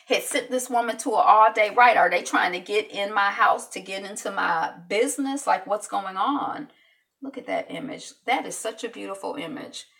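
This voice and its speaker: A woman's voice: mid-range voice, a bit bright, far from the mic. A woman talking through news stories alone, casual and rambling, with lots of fillers and asides. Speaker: host commenting on news. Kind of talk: casual news commentary monologue.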